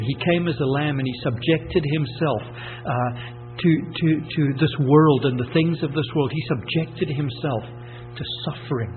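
A man preaching a sermon emphatically, repeating key phrases and asking rhetorical questions. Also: a little high. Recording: tinny phone-like sound with hum.

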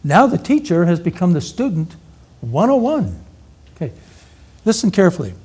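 A man's voice: high voice, very animated, moderate pace, a little mellow, breathy edge. A middle-aged man preaching an interactive teaching sermon, energetically quizzing the audience with questions.

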